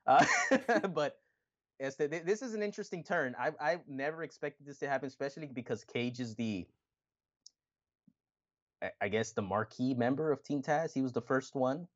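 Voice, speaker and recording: A man co-hosting a podcast in casual chat, animated, swearing often and acting out quotes with laughter. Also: medium pitch, normal speed, dull audio. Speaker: podcast co-host.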